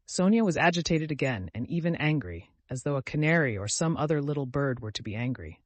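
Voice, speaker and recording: A man's voice: mid-range voice, expressive, dry recording. Male audiobook narrator, dry close sound. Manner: measured, literary storytelling. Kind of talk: scripted narration.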